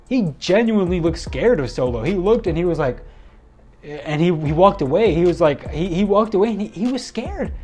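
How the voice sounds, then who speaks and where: Male reviewer, slightly high voice, excitable rambling recap, faint music underneath. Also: breathy edge. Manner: excitable, rambling with frequent restarts. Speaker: wrestling show reviewer. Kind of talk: casual spoken recap.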